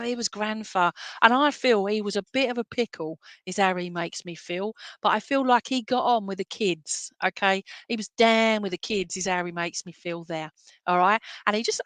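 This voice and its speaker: A chatty woman giving a clairvoyant reading over a video call, rambling from one thought to the next. She keeps checking in with the person she is reading for. Her voice sits at a middling pitch and sounds close and dry. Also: a bit bright, no room sound. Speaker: spiritualist medium. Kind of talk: clairvoyance reading in an online service.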